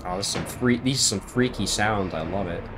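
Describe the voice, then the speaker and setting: A man with a fairly low voice chats through a horror game as he plays, cursing freely and puzzling things out aloud. Faint noise sits under his voice. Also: fairly quick. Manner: casual, swears often, thinks aloud. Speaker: streamer playing a horror game. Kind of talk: casual let's-play commentary.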